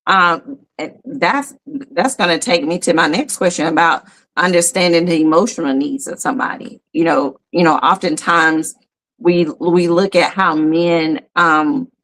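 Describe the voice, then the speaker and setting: Woman hosting a chat podcast, tells stories, voice jumps way up when she gets into it, slightly low voice. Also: a little slow. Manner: animated, storytelling, rises high when quoting herself. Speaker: podcast host.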